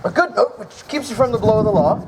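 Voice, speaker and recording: A man's voice: high voice, lively intonation, fast, crowd noise, low-quality recording. A man playing a sly, mocking young servant with teasing asides, on an outdoor stage. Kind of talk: outdoor Shakespeare stage acting. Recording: loud outdoor background noise.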